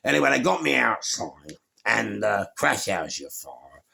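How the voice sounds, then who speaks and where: A man's voice: fairly low pitch, big pitch swings, normal speed, creaky, pushed and bright, husky. A middle-aged man with a London accent, telling a story animatedly and acting out other people's voices, with some swearing. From England.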